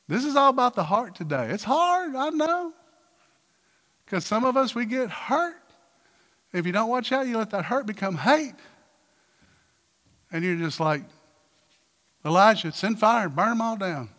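A man preaching a sermon as pastor, asking the congregation questions and breaking into loud, emphatic bursts. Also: extremely high pitch, big pitch swings, unhurried, pauses often. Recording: reverberant hall with faint music.

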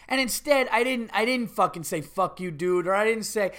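A man's voice: high voice, brisk, few pauses. A man, a comedian hosting his own podcast, telling a rambling story in casual monologue. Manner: rambling, animated, gets loud and exasperated telling a story.

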